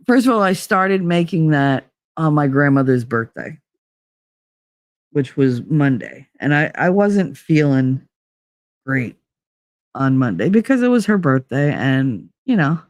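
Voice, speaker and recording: A woman's voice: sits low, very animated, slow pace, long pauses, dry recording. A woman hosting a casual livestream, rambling and chatting with her viewers by name. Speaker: livestream host.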